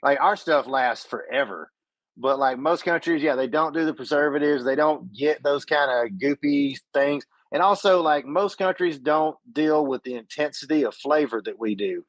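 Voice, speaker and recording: A man's voice: a little high, normal speed, no room sound, poor audio. A man from western Georgia, telling stories as a podcast co-host in casual chat. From western Georgia, USA.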